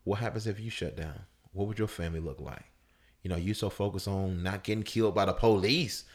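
A man in casual conversation telling a personal story, loose and full of fillers, his voice leaping high when he acts out people shouting. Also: brisk. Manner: animated storyteller, voice jumps up high for quoted shouts. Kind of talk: casual chat.

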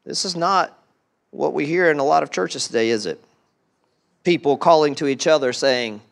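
High-voiced animated man preaching. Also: normal speed, creaky, long pauses. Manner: animated, rhetorical questions, dropping to quiet asides. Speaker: pastor. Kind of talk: sermon.

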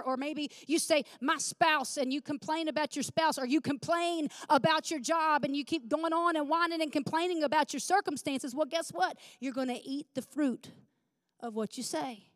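A woman's voice: high-pitched, normal speed, dry recording, clean studio sound. A woman preaching a conversational sermon, emphatic and asking the congregation questions.

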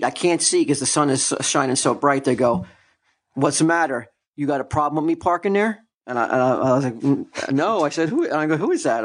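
A man hosting a casual chat, telling profane stories and laughing often. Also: medium pitch.

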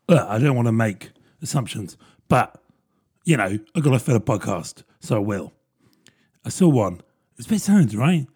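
A man's voice: medium pitch, mellow, husky. A man, rambling through a casual solo podcast with plenty of fillers and self-deprecating asides. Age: 30s. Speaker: podcast host.

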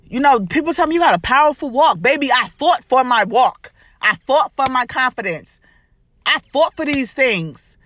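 A woman's voice: high voice, expressive, moderate pace, a bit bright, no room sound. Emphatic woman podcast host, dry close mic. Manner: preachy, emphatic, repetitive, uses "baby". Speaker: podcast host, life coach. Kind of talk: motivational talk to listeners.

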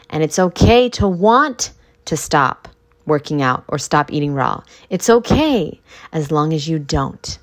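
A woman hosting a motivational podcast who talks in a blunt, emphatic, profane way. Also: deep voice. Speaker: podcast host.

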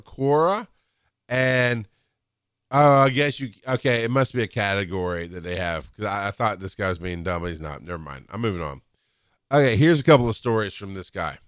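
A man who used to be a paramedic tells work stories in a casual, animated way, with laughs and acted-out quotes. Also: smooth, dry recording, studio quality. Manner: animated, acts out quotes with rising pitch and laughs. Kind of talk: casual storytelling monologue.

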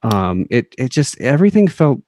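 A man's voice: mid-range voice, sing-song, normal speed, darkish tone, no room sound. A man co-hosting a casual gaming podcast, easygoing and chuckling between remarks. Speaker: podcast co-host. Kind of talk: casual podcast chat about a video game.

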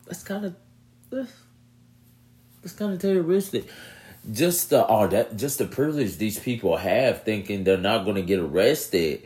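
Male vlogger, low voice that swings widely in pitch, unhurried, animated talk to camera. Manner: animated, talks straight to the audience, laughs and repeats himself. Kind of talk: casual commentary to camera.

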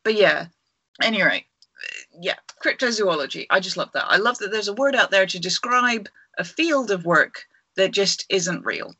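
A woman's voice: mid-range voice, lively intonation, moderate pace, pushed and bright, breathy edge, dry recording. A woman co-hosting a casual podcast over a video call, rambling enthusiastically through a creature legend with many fillers. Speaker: podcast co-host. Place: at home.

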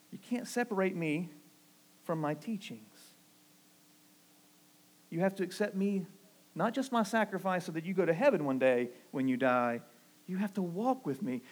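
A man from the American South with a Southern accent, preaching a sermon, rising to emphatic lines and dropping low and soft when quoting. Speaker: pastor.

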